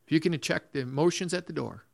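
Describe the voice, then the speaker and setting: A man's voice: on the high side, fast talker, gravelly, a little mellow. A man preaching a sermon in earnest, repeating his phrases, restarting sentences and reading scripture aloud. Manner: reads scripture in old-fashioned phrasing. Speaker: pastor.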